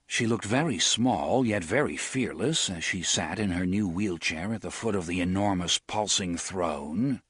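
A man narrating an audiobook in an expressive, theatrical reading. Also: sits low, unhurried, few pauses, slightly rough, no room sound, clean studio sound. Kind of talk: scripted narration.

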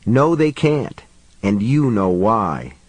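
A man voicing a patient, mysterious voice heard inside someone's head, speaking calmly and steadily. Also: lowish voice, slow pace, no room sound, heavily acted. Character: calm, patient mysterious inner voice.

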